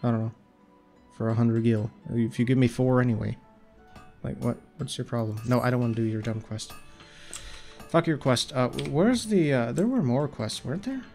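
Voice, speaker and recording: Sounding nasal and congested, a man streams a video game, rambling, cursing and complaining about the game as he plays. His mid-range voice is expressive and slightly mellow at a moderate pace, while faint game music and keyboard clicks play behind him.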